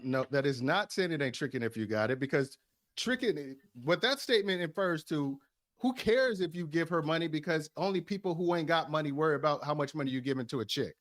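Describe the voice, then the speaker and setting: A man's voice: on the high side, animated, fairly quick. A man on a debate panel arguing his point at length, restarting his sentences and answering with sarcasm. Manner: argumentative, restarts often, sarcastic. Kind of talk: heated group debate.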